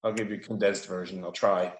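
A man telling a story in an animated, chatty way, laughing often and using many fillers. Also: sits low, fast talker. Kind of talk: casual storytelling. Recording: roomy echo.

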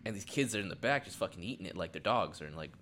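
A man co-hosting a casual podcast, swearing freely and retelling a story with animated quoted lines. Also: low voice, fast talker, slight background noise. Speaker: podcast co-host. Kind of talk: casual chat.

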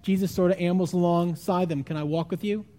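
A man preaching a sermon, retelling a story with animated, acted-out voices and sudden drops to a hushed tone. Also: sits high, fairly quick, slight background noise. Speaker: pastor.

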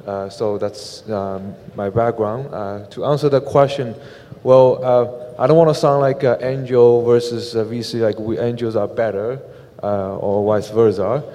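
A man who directs an angel investment group, speaking on a panel in a halting way with many "uh" fillers. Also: medium pitch, steady tone, dark tone. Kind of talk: panel discussion. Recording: long hall reverb.

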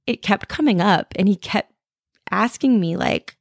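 A woman's voice: medium pitch, measured pace, creaky, slightly rough, no room sound, clean studio sound. A woman in her thirties hosting a podcast, telling candid personal stories in a frank, self-deprecating way and swearing freely. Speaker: podcast host. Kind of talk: candid personal storytelling monologue.

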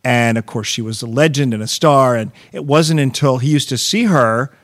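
A man's voice: medium pitch, normal speed. A man in casual conversation, telling funny stories and acting out the people in them. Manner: animated anecdotes with voiced quotes. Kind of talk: casual storytelling chat.

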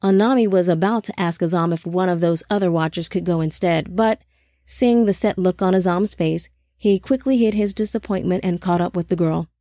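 A woman narrating an audiobook in an even, measured reading. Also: on the low side, no room sound, studio quality.

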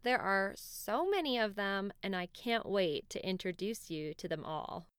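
Gentle, lilting woman storyteller. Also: medium pitch, animated, a little slow, clean tone, dry recording, studio quality. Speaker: podcast host and storyteller. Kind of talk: storybook narration for children.

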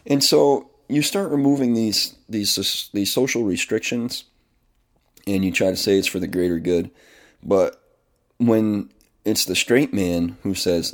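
A man speaks in a deep-set, gravelly voice with a lot of vocal fry. He talks to the camera in a candid personal monologue, rambling, restarting his sentences and swearing casually. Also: unhurried. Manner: rambling and confessional, with frequent restarts. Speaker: kindergarten teacher.

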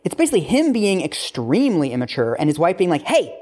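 Wry male podcast host, lively intonation. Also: on the high side, fast talker. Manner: wry, critical, explanatory. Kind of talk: casual chat and reading quotes aloud.

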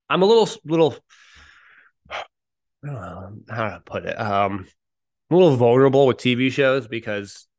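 Male solo podcast host, mid-pitched, casual and rambling, pokes fun at himself, cheerful. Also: fairly bright tone. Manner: rambling, self-deprecating, upbeat.

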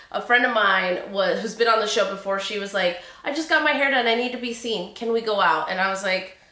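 A woman's voice: medium pitch, a little fast. Chatty woman in an echoey room. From Sacramento area, California. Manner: animated, acts out quotes, says y'all, laughs often. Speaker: podcast host. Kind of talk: chatty personal storytelling.

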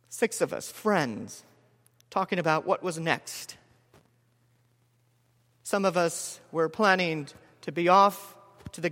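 A man in his forties preaching a sermon as a story, measured with dramatic pauses and soft drops. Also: sits high. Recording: long hall reverb.

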